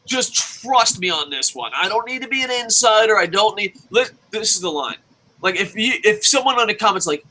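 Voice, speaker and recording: A young man hosting a wrestling review, ranting casually with lots of swearing and bursts of shouting. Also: high voice, animated, moderate pace, low-quality recording. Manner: profane, ranting, shouts at times.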